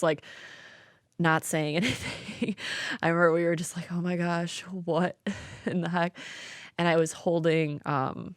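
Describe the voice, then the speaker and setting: Chatty laughing woman, lowish voice. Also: no room sound, studio quality. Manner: chatty, laughs often, many fillers. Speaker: podcast co-host. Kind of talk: casual chat.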